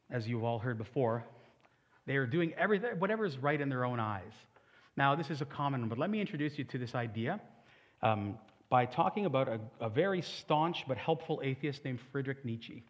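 A man's voice: mid-range voice, dull audio. A man preaching a sermon as a pastor, conversational with humorous asides.

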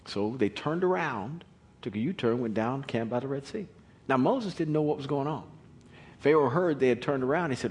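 A man preaching a sermon in an animated way, acting out the Bible story. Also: mid-range voice, normal speed. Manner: animated, acts out Bible scenes.

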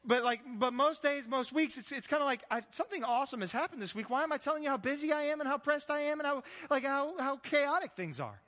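A man with a high, light voice preaches to his congregation in an easygoing, conversational way. He breaks into joking asides and acts out bits of everyday talk. His voice rings with the long reverb of a church hall. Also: animated, quick pace, hardly any pauses, fairly bright tone. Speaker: pastor. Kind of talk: sermon.

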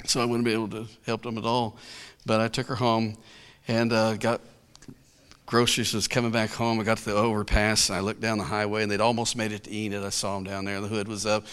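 A man's voice: lowish voice, little pitch movement, brisk, a bit bright, smooth. A male pastor telling a story in a sermon, in a folksy, colloquial way, chuckling often.

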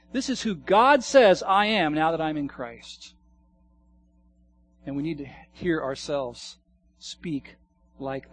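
A man preaching a sermon as pastor, earnest, swinging from hushed asides to emphatic declarations. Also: high-pitched, a little hiss or hum.

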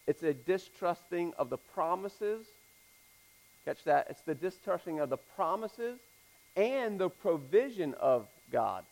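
A man's voice: high voice, very animated, takes it slowly, creaky, a little mellow, poor audio. A man pastor delivering a sermon, earnest, asking rhetorical questions and restarting words as he goes.

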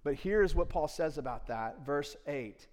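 A male pastor giving a conversational sermon, his voice swinging from quiet asides to loud, emphatic peaks. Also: fairly high pitch, lively intonation, unhurried, big-room sound.

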